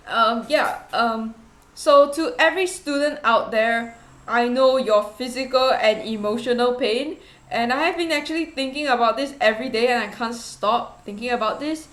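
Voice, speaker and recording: A young woman VTuber streamer, a young adult with a fairly high and fairly bright voice, chats casually at normal speed. She rambles and giggles while poking fun at herself, and her voice bounces around a noticeably echoey room.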